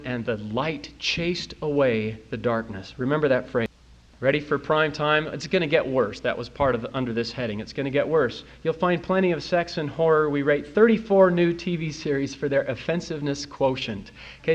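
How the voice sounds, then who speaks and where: A man's voice: a little high, highs cut off. A man giving a recorded church talk to an audience, telling stories and acting out the people he quotes. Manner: animated storyteller, quotes people in funny voices. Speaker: speaker at a church youth talk.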